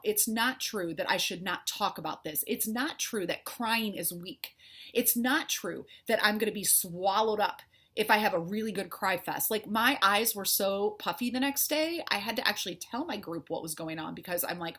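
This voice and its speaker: A woman's voice: medium pitch, normal speed, a bit bright, husky. A middle-aged woman coach talking candidly to her followers, heartfelt and conversational, with a faith-filled manner. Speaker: life coach. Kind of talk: candid personal talk to followers.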